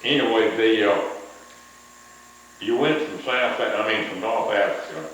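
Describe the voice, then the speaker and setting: A man's voice: lowish voice, measured pace, fairly bright tone. A man interviews a veteran, prompting with short questions. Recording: echoey room, distant mic, faint noise.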